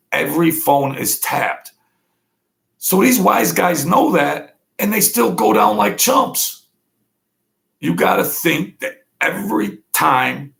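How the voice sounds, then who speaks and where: A man with a deeply gravelly, creaky voice, speaking in a loose, rambling monologue. He is blunt and streetwise, and his pitch sits in the middle range. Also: fairly bright tone. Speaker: vlog host. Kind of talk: casual monologue.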